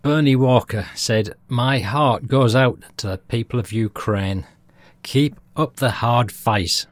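A man's voice: medium pitch, slow, dry recording. A man from Britain hosting a history podcast, reading out listener feedback in a chatty way and chuckling at his own jokes. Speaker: podcast host.

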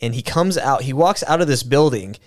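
A podcast host talks in casual conversational commentary, rambling loosely with restarts, fillers and a lot of swearing. His medium-pitched voice is expressive and fairly quick.

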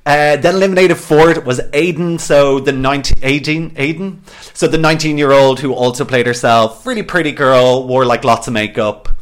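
Guy hosting a reality tv chat podcast, gossipy, says like a lot, middle pitch. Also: brisk, few pauses, clean tone. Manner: chatty, heavy use of "like", swears freely. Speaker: podcast host.

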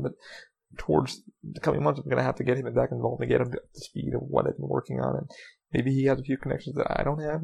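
A man's voice: medium pitch, gravelly, darkish tone, slightly rough. A man hosting his own podcast, rambling through a solo monologue, swearing constantly and speaking from the heart. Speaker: podcast host.

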